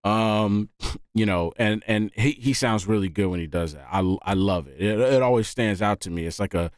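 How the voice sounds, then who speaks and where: A man hosting a music reaction video, talking casually and excitedly and often saying "man". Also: on the low side, moderate pace, no echo, studio quality. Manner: animated, often says "man".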